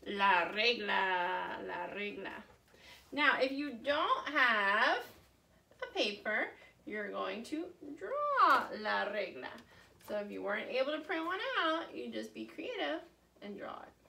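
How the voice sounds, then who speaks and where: A woman teaching a Spanish class to children on video, saying each word slowly and carefully and cheering the class on. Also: on the high side, sing-song, gravelly, pushed and bright, a little hiss or hum. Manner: slow, careful modeling of Spanish words; cheerful, encouraging teacher talk. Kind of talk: recorded online class for children.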